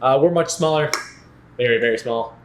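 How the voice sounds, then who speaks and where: A man in his twenties co-hosting a podcast, asking quick probing questions in casual chat. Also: mid-range voice, crowd noise. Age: 20s. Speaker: podcast co-host.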